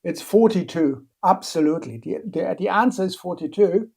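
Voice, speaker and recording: A man's voice: sits high, expressive, normal speed, gravelly, darkish tone, breathy edge. A man giving a live-streamed biochemistry lecture, talking hesitantly with many fillers and playful asides while he answers questions from the chat.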